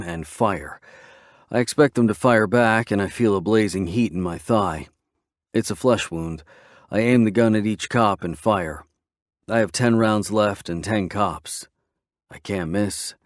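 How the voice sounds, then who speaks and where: A man's voice: on the low side, dry recording, clean studio sound. A man narrating a romance audiobook in first person, tense and gritty.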